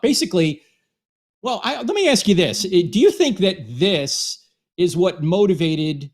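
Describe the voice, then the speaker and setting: A man from New Jersey with a fairly high voice hosts a casual talk. He is wry and inquisitive, and quick with self-deprecating humor as he puts questions to his guest. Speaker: show host. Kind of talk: casual conversation.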